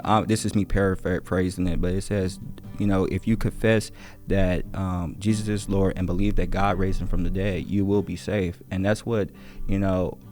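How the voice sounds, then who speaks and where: A man's voice: low voice, a little mellow. A man, a teacher hosting a podcast, talks with a student in an earnest, encouraging and casual way, full of fillers and slang. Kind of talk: earnest conversational interview.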